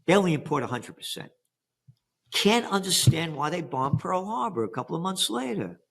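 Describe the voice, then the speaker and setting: A man's voice: sits high, very animated, moderate pace, vocal fry, slightly rough. An older American man on an interview, emphatic and sarcastic, firing rhetorical questions. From United States. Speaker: interview guest. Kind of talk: animated interview talk.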